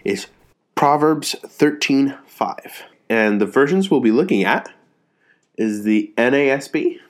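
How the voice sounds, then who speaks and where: A man's voice: medium pitch, expressive, unhurried. Easygoing male podcast co-host. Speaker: podcast co-host reading scripture. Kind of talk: casual podcast chat and scripture reading.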